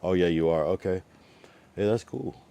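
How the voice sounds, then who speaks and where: A young man livestreaming, chatting to viewers in a rambling, profane way, swinging from mutters to loud taunts. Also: low voice, moderate pace, vocal fry, clean tone. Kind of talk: casual live-stream chat reacting to viewers.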